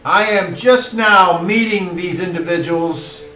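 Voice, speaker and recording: A man voicing a gracious noble lord hosting a feast, speaking formally with halting pauses. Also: sits high, sharp tone, voice pushed up, full character voice. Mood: proclaiming. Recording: roomy, distant mic, faint music.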